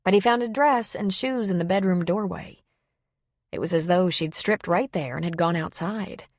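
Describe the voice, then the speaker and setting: Woman, audiobook narration, even clear storytelling, lowish voice, dry close recording. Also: normal speed, dry recording.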